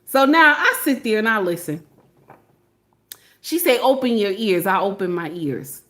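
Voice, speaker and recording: A woman hosting a reaction video, talking in a loud, theatrical way with frequent swearing and laughter. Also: mid-range voice, very animated, unhurried. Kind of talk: animated reaction commentary.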